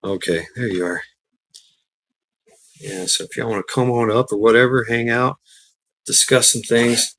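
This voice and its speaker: A man's voice: mid-range voice, fairly even intonation, unhurried, creaky, long pauses, a bit bright, poor audio. A man hosting a livestream, telling a casual rambling story, laughing often and swearing freely. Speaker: livestream host.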